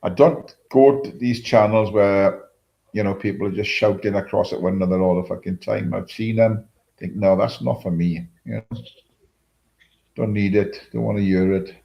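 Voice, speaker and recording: A man's voice: lowish voice, steady tone, normal speed, gravelly, muffled recording. A middle-aged man hosting a casual livestream chat, rambling, swearing often and chuckling as he reads comments. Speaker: livestream host.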